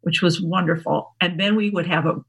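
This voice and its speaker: Sixties woman, relaxed interview guest, gravelly and husky, chatty storyteller who laughs easily. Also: fairly low pitch, fairly quick. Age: 60s. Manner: chatty, laughs often, describes herself as an introvert. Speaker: guest, workshop founder.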